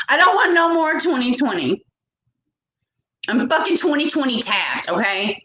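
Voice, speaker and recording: A woman's voice: high-pitched, sing-song, unhurried, long pauses, a bit bright. A woman vlogger ranting to her viewers, exasperated, swearing often and repeating herself. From United States. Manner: exasperated, profane, repetitive ranting. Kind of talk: ranting commentary to camera. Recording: echoey room.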